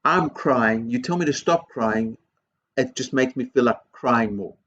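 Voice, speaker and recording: A man's voice: medium pitch, unhurried, a bit bright, highs cut off, a little hiss or hum. A man speaking as a headteacher in a school video assembly, earnest and encouraging, repeating his key phrases.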